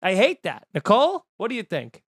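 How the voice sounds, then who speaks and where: A man's voice: high voice, a little fast, slightly rough, no room sound, studio quality. A young man hosting a comedy podcast, ranting casually and acting out the voices of people he quotes. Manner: animated, acts out quoted voices.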